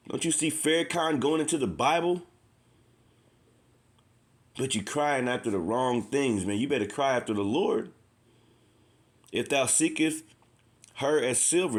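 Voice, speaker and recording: A man preaching informally and with passion, repeating himself, reading scripture aloud between his own words. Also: mid-range voice. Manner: impassioned, repetitive, says "man" often. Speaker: street preacher.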